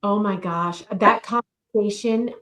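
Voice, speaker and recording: A middle-aged woman co-hosting a casual chat podcast, talking in a measured, matter-of-fact way. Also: mid-range voice, a bit bright. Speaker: podcast co-host and novelist.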